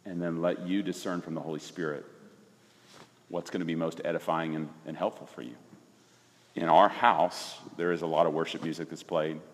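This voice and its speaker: A pastor in his forties recounts something from his own life in casual talk, at normal speed and a low pitch. He's lively and emphatic, often restarting sentences, and the recording has a big-room sound.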